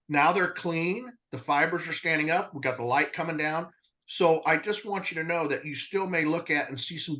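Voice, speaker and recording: A man co-hosting a podcast, telling a customer story in casual talk and acting out the dialogue. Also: a little high. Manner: animated storyteller, acts out dialogue. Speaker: rug cleaning business co-host. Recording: dull lo-fi sound.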